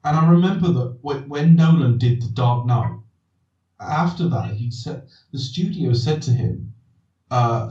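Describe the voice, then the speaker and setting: A man hosts a casual film podcast, thinking aloud and answering his own questions. His voice is warm and mellow. It sounds distant and echoey, with a dull, lo-fi tone. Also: medium pitch, expressive, measured pace. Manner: rambling, restarts sentences, asks himself questions. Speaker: podcast host. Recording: distant roomy dull recording.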